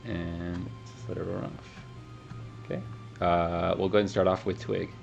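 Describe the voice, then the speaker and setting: A man narrating as game master of a tabletop game in a loose, hesitant way with many pauses. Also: deep voice, little pitch movement, gravelly, lo-fi sound, faint music behind. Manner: loose, hesitant, lots of ums.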